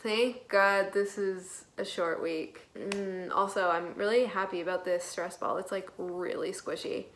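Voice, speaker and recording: A woman's voice: medium pitch, fairly even intonation, a little slow, hardly any pauses, rough recording. A woman in her twenties talking casually in a daily vlog, chatty and rambling, laughing often. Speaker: vlogger. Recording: faint background noise.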